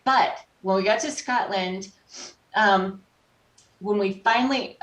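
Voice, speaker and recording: A woman guest on a podcast, telling stories in an animated, conversational way and acting out the voices of people she met. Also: lowish voice. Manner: animated, acts out quoted voices. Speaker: podcast guest, life coach. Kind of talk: conversational storytelling. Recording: roomy echo, distant from mic.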